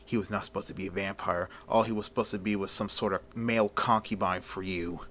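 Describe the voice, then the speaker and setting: A man reading aloud and voicing a loyal but jealous male servant of a vampire, talking quietly and low. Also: fairly even intonation, a little fast. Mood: defiant. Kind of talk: amateur storytelling.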